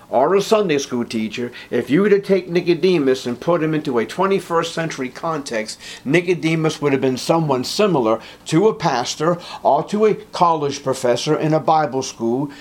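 A pastor preaching a sermon, earnest and emphatic, rising in pitch and force on key points. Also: male voice.

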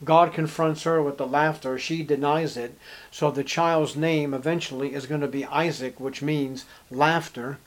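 A man's voice: steady tone, moderate pace. A man preaching an expository Bible sermon, reading scripture aloud and asking rhetorical questions with strong emphasis. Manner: emphatic, rising to forceful highs on key words; reads scripture in King James style, asks rhetorical questions.

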